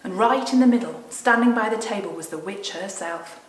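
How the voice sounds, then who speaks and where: A woman, a children's Sunday school leader, gently and expressively reading a storybook aloud. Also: medium pitch, brisk, hardly any pauses, roomy sound, rough recording.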